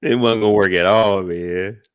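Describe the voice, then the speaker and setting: A woman's voice: extremely low pitch, steady tone, moderate pace, clear, resonant tone, dry recording. A woman co-hosting a live movie review chat, dropping laid-back, wry side comments. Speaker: co-host.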